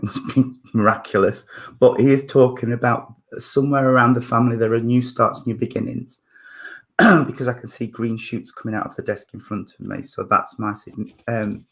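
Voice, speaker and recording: Male medium at a service, mid-pitched voice, gentle, halting, apologetic, lots of ums. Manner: hesitant, full of fillers and restarts, apologetic, chuckling. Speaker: spiritualist medium. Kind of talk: mediumship demonstration at a church service.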